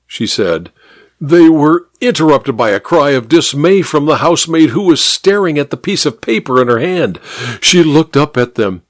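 A man narrating a radio mystery story with an expressive, measured reading. His pitch moves a lot, and the sound is dry and close. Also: no echo.

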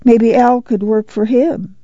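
A man voicing a weary, gentle old farm mother with a soft rural drawl. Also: very high-pitched, fairly even intonation, takes it slowly, dry recording, pitched above the performer's own voice. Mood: hopeful. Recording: dull lo-fi recording.

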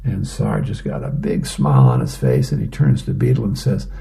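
A man reading the newspaper comics aloud for a radio reading service, casual and relaxed with fillers. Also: on the low side, normal speed, gravelly, few pauses, rough recording. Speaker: volunteer newspaper reader.

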